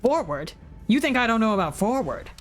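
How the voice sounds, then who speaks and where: A woman voicing a sharp-tongued older woman who runs a bar, brusque and scolding. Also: on the high side, big pitch swings, brisk, soft background music, voice pushed up.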